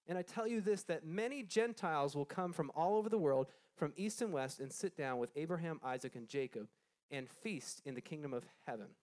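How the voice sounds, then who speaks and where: A man's voice: on the high side, animated, moderate pace, a little mellow. Man teaching a Bible lesson to a group. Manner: conversational, asks the group questions, frequent restarts; reads scripture aloud then explains it.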